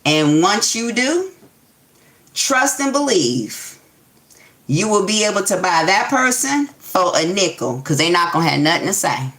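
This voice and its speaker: Bright-voiced blunt woman tarot reader. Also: on the low side, very animated, unhurried, reverberant. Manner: blunt, profane, acts out heated quotes. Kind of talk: casual tarot reading monologue.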